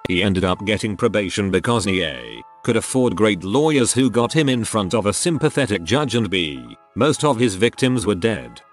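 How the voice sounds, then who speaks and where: A man reads out a string of grim stories in scripted narration, his voice low yet moving lively up and down in pitch. He keeps a steady, measured delivery throughout. Faint music plays softly behind him. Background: faint background music.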